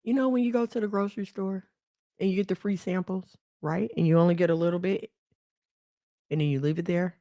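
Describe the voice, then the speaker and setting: A woman's voice: lowish voice, steady tone, a little fast, mellow, dry recording, studio quality. A middle-aged woman hosting her channel, talking bluntly and animatedly as she lectures women, scolding and now and then laughing. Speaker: channel host. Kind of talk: preachy commentary to women.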